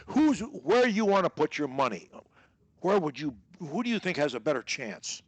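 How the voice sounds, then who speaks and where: A man's voice: fairly high pitch, big pitch swings, normal speed, no room sound. A man coaching a student one-on-one over a video call, emphatic and fond of repeating his key points. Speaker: speech coach.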